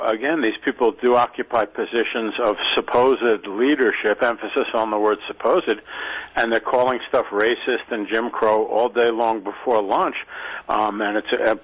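A man co-hosting a political talk radio show, measured and deliberate, stressing key words. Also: medium pitch, husky. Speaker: radio co-host, commentator. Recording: dull lo-fi radio sound.

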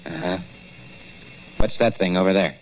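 An actor in a 1940s radio play voicing a pushy, wisecracking young newspaper reporter. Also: male voice, deep voice, steady tone, moderate pace, close to an everyday voice. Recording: lo-fi old radio broadcast with faint hiss.

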